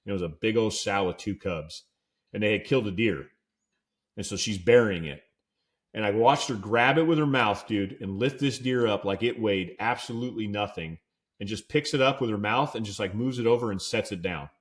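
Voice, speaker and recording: A man's voice: on the low side, fairly quick. A man co-hosting a podcast, telling a casual story and acting out the lines of the people in it. He leans on "dude" and "like" as he talks. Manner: laid-back storyteller who acts out quoted dialogue; peppers his talk with "dude" and "like". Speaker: podcast co-host.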